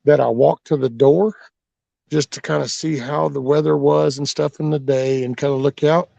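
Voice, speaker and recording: Gravelly man telling rambling jokey stories. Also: fairly high pitch, fairly even intonation, normal speed, mellow, no room sound. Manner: rambling, jokey, swears casually. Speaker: backyard chicken keeper and vlog host. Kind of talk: casual storytelling chat. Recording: dull lo-fi dry audio.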